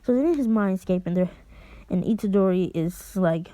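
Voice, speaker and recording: A woman's voice: medium pitch, lively intonation, moderate pace, warm tone, dry recording. A woman casually retelling a fan story, rambling and hesitant with many restarts.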